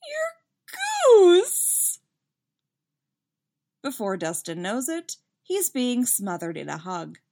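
A woman reading a fan story aloud with lively, expressive narration. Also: fairly low pitch, a little slow, gravelly, few pauses. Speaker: fanfiction reader.

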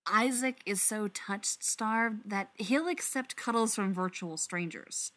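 A woman reading fiction aloud with wry, expressive storytelling. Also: mid-range voice, unhurried. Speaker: reader.

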